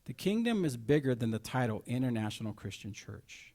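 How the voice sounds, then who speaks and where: A middle-aged man preaching a sermon, asking rhetorical questions and moving between quiet asides and loud stressed points. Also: mid-range voice, very animated, a little fast.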